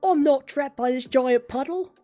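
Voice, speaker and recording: A woman voicing a young, prickly snake-woman Naga in an attempted English Midlands accent, loud and blustering. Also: sits high, normal speed, soft background music, pitched above the performer's own voice, lightly acted. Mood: huffy. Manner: shouty, defensive, blustering. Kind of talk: character voice practice.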